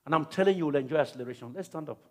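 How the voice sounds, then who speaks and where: A man preaching as pastor at a church service, calling out to the congregation with repeated phrases, then shouting prayers. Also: a little high, very fast. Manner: repetitive, calls out to the congregation. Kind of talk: sermon and prayer.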